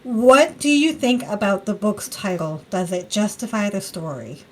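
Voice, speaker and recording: A woman's voice: mid-range voice, a little slow. A young adult woman co-hosting a casual book review chat, chatty and hesitant with fillers, sometimes acting out quotes.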